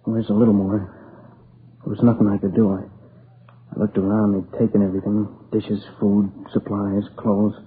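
An actor playing a grieving young man who tells, haltingly and in a subdued voice, how his friend was killed, in a radio drama. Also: lowish voice, flat delivery, close to an everyday voice. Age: young adult. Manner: halting, subdued, plain-spoken. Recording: tinny lo-fi old radio recording with faint hiss.

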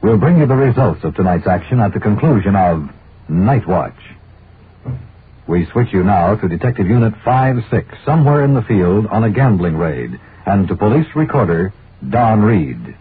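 Brief: husky, lowish male announcer, formal and measured, tinny old-radio sound. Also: sing-song. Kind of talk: scripted broadcast announcement. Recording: tinny vintage radio broadcast.

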